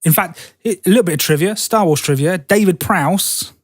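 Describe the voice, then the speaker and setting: Male co-host, rambly chatter, higher voice, dry recording. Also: moderate pace, no echo. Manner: rambling, restarts mid-phrase, animated when telling trivia. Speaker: podcast co-host. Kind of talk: casual chat.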